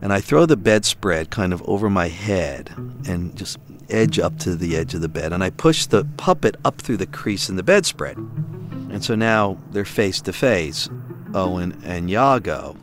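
Deep-voiced man telling a family story. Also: measured pace, music in the background. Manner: animated, acts out the voices of others. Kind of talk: storytelling in an audio documentary.

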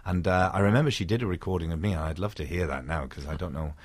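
A man's voice: low voice, fast talker, darkish tone. A middle-aged man from Wales with a Welsh accent, an actor talking thoughtfully in an interview, with frequent restarts. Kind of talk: reflective interview conversation.

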